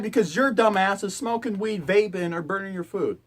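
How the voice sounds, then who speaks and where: A man's voice: high-pitched, moderate pace, few pauses. A young man and college student ranting to camera in his dorm room, exasperated and profane. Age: young adult. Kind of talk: ranting vlog.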